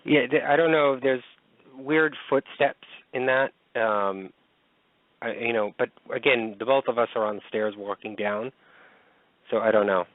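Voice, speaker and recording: A man's voice: medium pitch, normal speed, no echo. Man on a thin phone line. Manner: plain and repetitive, with many ums. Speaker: radio show co-host. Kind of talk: casual radio talk, explaining evidence.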